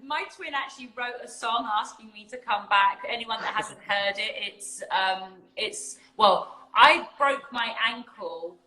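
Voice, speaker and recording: Bright, emphatic woman, echoey room. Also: a little high, unhurried, few pauses. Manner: emphatic, laughing, animated. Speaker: spiritual community host. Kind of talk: casual livestream chat.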